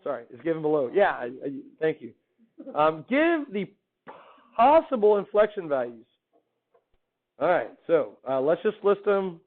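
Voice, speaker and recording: A man's voice: fairly high pitch, sing-song, a little slow, pauses often. Upbeat man teaching a class, phone-quality sound. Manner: upbeat, quizzing students with questions. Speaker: math teacher. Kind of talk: classroom lecture.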